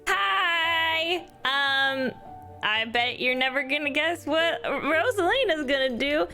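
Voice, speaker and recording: High-pitched bubbly woman streamer. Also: animated, takes it slowly, pushed and bright, soft background music. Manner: bubbly, giggly, joking. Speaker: player and variety streamer. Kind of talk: casual self-introduction.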